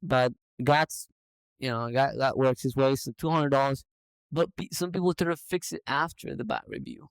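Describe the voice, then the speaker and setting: A man who owns a business, telling a story in a lively, casual way on a podcast. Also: medium pitch, normal speed, clear, resonant tone, no room sound, rough recording. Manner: animated anecdote telling. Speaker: business owner.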